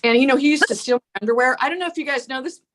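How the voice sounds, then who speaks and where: An older woman performs a raunchy stand-up set from home over a video call, mocking herself and laughing at her own jokes. Her voice sits high, a bit bright, and very fast.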